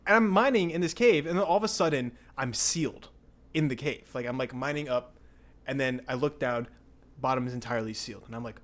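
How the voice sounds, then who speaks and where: A young man hosting a podcast, telling a story in a rambling, excitable way with lots of filler words. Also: fairly high pitch, brisk. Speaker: podcast host. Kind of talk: casual storytelling chat.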